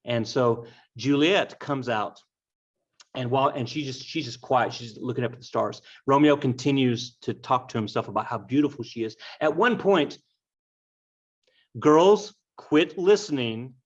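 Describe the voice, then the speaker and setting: A man's voice: mid-range voice, moderate pace, breathy edge. Joking man teaching a story lesson. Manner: joking, lively, addresses class directly. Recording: dull lo-fi recording.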